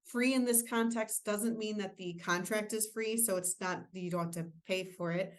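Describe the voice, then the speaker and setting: A woman's voice: mid-range voice, fairly even intonation, moderate pace. A woman presenting an insurance training webinar, explaining rules in a casual way with filler words and joking asides. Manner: casual, self-deprecating asides.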